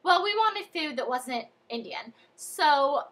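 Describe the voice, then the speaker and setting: A young American woman chatting through a childhood story in a casual vlog, animated and full of fillers. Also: high-pitched, slow. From United States. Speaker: vlogger.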